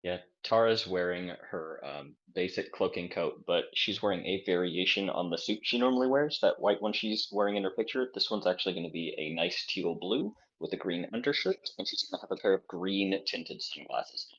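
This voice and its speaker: A man's voice: low voice, lively intonation, moderate pace, hardly any pauses, a bit bright, highs cut off. A man playing a tabletop role-playing game, describing his character's outfit in a matter-of-fact way. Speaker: player. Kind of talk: casual tabletop game chat.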